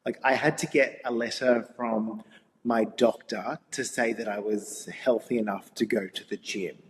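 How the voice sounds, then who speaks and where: A young Australian man telling stories in a casual interview, lively and laughing often. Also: on the low side, unhurried. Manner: animated storyteller, laughs often. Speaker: guest. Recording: reverberant room with faint ambient noise.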